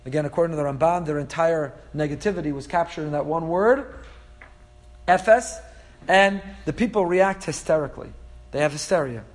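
High-voiced man teaching a Torah class. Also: normal speed. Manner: animated, explanatory, full of Hebrew terms.

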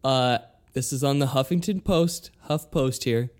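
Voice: mid-range voice, a little slow, darkish tone. A podcast co-host in casual chat, playful and teasing, reading headlines aloud with relish.

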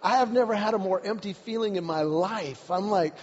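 A man preaching a sermon, telling a personal story in an animated way, repeating words and shouting at the climaxes. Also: sits high, a little fast. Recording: dull recording with long hall reverb.

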